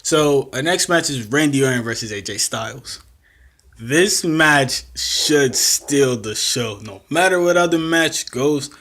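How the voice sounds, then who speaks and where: A man's voice: medium pitch, a little slow. A young man talking casually through his predictions for wrestling matches, laughing often and acting out what the wrestlers said. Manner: excitable, laughs often, acts out quotes. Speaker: wrestling fan vlogger.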